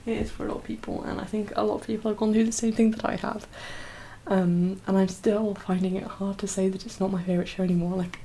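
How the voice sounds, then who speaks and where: A soft-spoken young woman, chatting in an ASMR video, slipping into whispers and teary as she rambles with many fillers. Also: mid-range voice, little pitch movement, fast, rough recording. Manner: rambling, full of fillers and laughs. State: teary, emotional. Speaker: ASMR creator.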